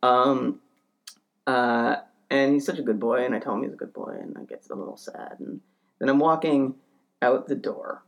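A podcast co-host tells a funny story in a gravelly, creaky voice. The telling rambles and swears, and the teller jokes at their own expense. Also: mid-range voice, fairly even intonation, normal speed. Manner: rambling, profane, self-deprecating. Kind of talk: comic storytelling.

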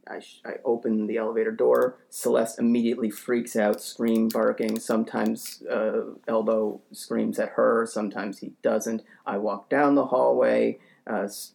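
A man telling a story in casual talk, rambling with lots of fillers and restarts, and getting heated as he goes. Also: vocal fry. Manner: acts out quotes in a shouting higher voice; grows heated and ranting. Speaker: podcast storyteller.

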